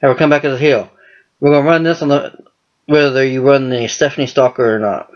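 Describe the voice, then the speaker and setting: This wrestling fan commentator speaks briskly in a mid-range voice with fairly even intonation. His casual monologue about wrestling storylines rambles along with lots of cursing, and the lo-fi recording sounds dull.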